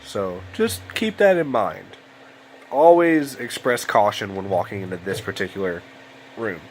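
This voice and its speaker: A man's voice: fairly low pitch, lively intonation, measured pace, slight background noise, rough recording. A young man giving casual, rambling gameplay commentary at home late at night, sounding tired and yawning. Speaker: let's play host. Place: home room at a computer.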